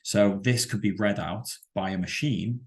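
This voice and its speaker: A man teaching a web development lesson over a screen-share, explaining with halting, self-correcting sentences and many fillers. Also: fairly low pitch. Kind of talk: screen-share coding tutorial.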